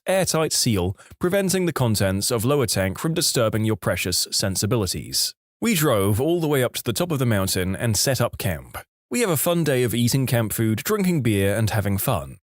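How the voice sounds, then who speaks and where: A man narrating online stories in a lively scripted storytelling read. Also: mid-range voice, dry recording, clean studio sound.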